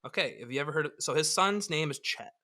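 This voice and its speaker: A man's voice: fairly high pitch, expressive, fast talker, bright, forceful tone. A man hosting a podcast, joking and swearing casually as he runs the interview. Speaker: podcast host.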